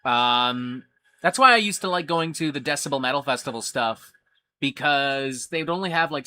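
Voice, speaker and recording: A man's voice: mid-range voice, pushed and bright, slight background noise. A man hosting a casual livestream. He reads viewer questions aloud and answers them with blunt, swear-filled rants. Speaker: livestream host.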